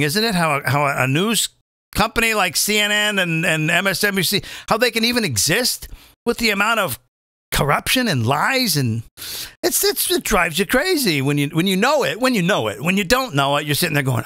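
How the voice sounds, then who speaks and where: A man doing a live comedic rant, mocking and animated, with lots of fillers and asides. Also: sits high, moderate pace, dry recording, studio quality. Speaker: comedian and impressionist host. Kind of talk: live comedic rant reading tweets aloud.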